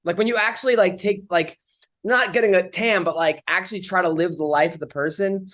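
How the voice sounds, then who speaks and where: A man's voice: sits high, fairly quick, a bit bright. A man telling stories on a comedy podcast, casual chat, rambling with lots of fillers and restarts.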